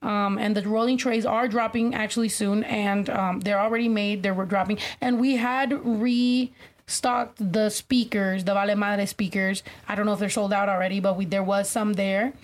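A woman's voice: mid-range voice, steady tone, normal speed. A woman hosting a livestream in casual chat, breezy and casually profane as she plugs her merch. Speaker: livestream host.

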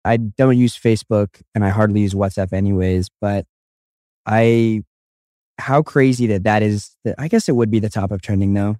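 A man's voice: lowish voice, normal speed, dark tone, dry recording, studio quality. A young man co-hosting a podcast, rambling and joking in casual chat, swearing freely. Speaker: podcast co-host.

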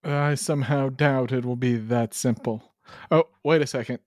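A man's voice: mid-range voice, fairly even intonation, normal speed, dry recording, studio quality. A man joking around as a player in a tabletop game session. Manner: playful, joking. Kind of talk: casual game chat.

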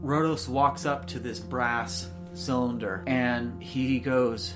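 A woman's voice: very deep voice, steady tone, takes it slowly, over music. A woman narrating as game master, describing scenes loosely with many filler words. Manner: casual, lots of "like" fillers.

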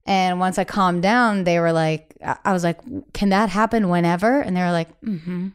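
A young adult woman, a singer-songwriter being interviewed, talking candidly and casually, with frequent "like" fillers and lively acted-out quotes. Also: fairly low pitch, moderate pace, clean tone. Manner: chatty, many "like" fillers, acts out quoted voices.

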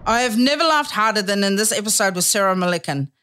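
A woman's voice: mid-range voice, lively intonation, fast, pushed and bright, slight background noise. A woman hosting a podcast and telling a candid, self-mocking story, laughing hard at herself. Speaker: podcast host. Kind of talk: casual storytelling chat.

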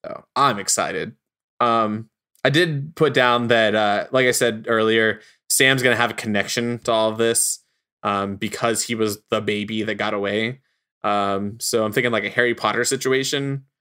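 A man's voice: fairly low pitch, moderate pace, pushed and bright, smooth. A man co-hosting a casual podcast, chatting playfully and laughing often. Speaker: podcast co-host.

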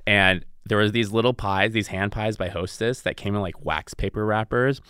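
A man's voice: on the low side, normal speed, fairly bright tone, clear, resonant tone, no room sound, studio quality. A man chatting on a podcast as a guest chef, playful and giggly, with lots of "like" fillers. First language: Cantonese. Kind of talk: casual podcast chat.

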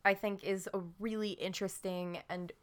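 A woman's voice: medium pitch, normal speed, clean tone. A young woman, a podcast guest, chatting casually and telling stories with lots of giggling. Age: young adult. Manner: giggly, animated storytelling. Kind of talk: casual chat.

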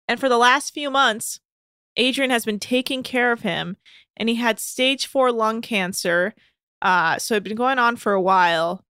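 A woman's voice: a little high, bright, forceful tone, smooth, no echo. A woman co-hosting a podcast, recapping a reality show in a dry, matter-of-fact casual chat.

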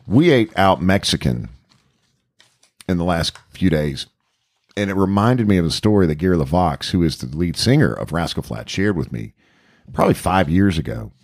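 A man's voice: deep voice, very animated, moderate pace, a little mellow, dry recording, clean studio sound. A middle-aged man co-hosting a music podcast, telling stories in casual chat and laughing often. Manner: chatty storyteller, laughs often. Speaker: podcast co-host.

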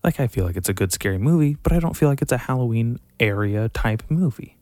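A young man rambling casually through horror movie picks, profane and animated, sighing often. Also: medium pitch, fast talker, no echo, clean studio sound. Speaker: vlogger reviewing horror movies. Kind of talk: casual rant to camera.

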